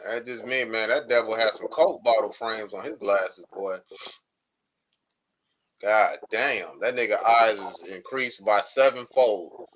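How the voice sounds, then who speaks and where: Bright-voiced man ranting on a livestream. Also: on the low side, unhurried, lo-fi sound. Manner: profane, ranting, animated. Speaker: livestream host. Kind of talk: heated casual chat.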